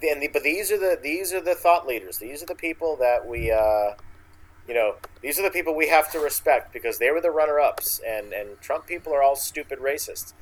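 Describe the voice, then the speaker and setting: A man's voice: on the high side, fairly quick, low-quality recording. A man co-hosting a casual political chat, blunt and casually swearing, with plenty of hesitant fillers.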